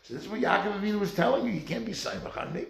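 A man teaches a Torah class, his somewhat high voice gravelly and lively. He swings his pitch widely as he acts out the people in his stories. The room around him echoes. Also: rapid-fire.

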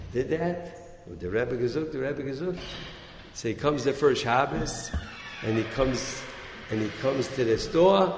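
In an echoey hall with faint background noise, a rabbi delivers a Torah talk in a mid-range voice with vocal fry. He's an animated storyteller, acting out the quoted lines as his pitch climbs and dips.

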